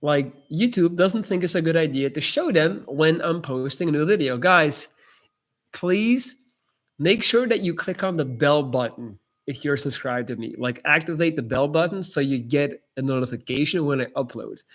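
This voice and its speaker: A man's voice: fairly high pitch, normal speed. A man answering viewer chat on a casual live stream, blunt and emphatic and swearing freely.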